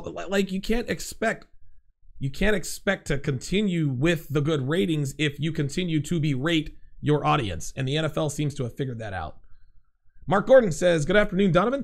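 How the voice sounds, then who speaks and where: A man hosting a livestream, reading out chat comments in blunt, profane, excitable casual talk. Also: a little high, gravelly.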